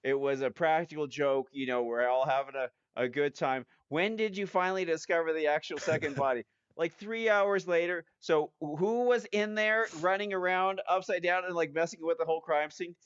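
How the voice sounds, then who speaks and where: A man hosts a casual podcast and makes wry jokes in a slightly high, smooth voice. The recording is dry and dull, like lo-fi audio. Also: normal speed, hardly any pauses, no echo. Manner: wry, joking. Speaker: podcast host. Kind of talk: casual chat and sign-off.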